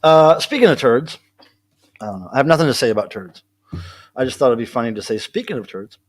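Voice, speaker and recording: A man's voice: mid-range voice, expressive, fast talker. A man hosting a casual live stream from home, chatting in a rambling way and answering viewers' comments. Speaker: livestream host. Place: at home with his cats.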